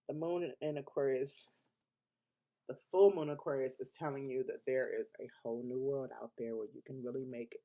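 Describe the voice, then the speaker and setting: A man with a medium-pitched, dark-toned voice gives a weekly astrology forecast as a casual, unscripted monologue. He's emphatic, laughs often between points, and talks in loose colloquial speech with restarts.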